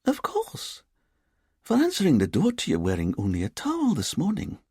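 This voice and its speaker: A playful, lilting woman in her early forties with an Edinburgh accent, as a male narrator voices her. She teases lightly and stays at ease. The reading is husky and dry, with a lively lift in pitch. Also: normal speed, no room sound, full character voice. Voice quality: lilting, teasing.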